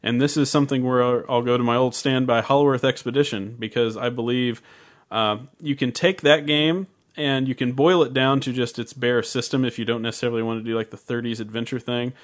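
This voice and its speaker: A man's voice: mid-range voice, fairly even intonation, brisk. A man co-hosting a casual podcast, reading listener emails aloud with stammering restarts. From United States. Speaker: podcast co-host.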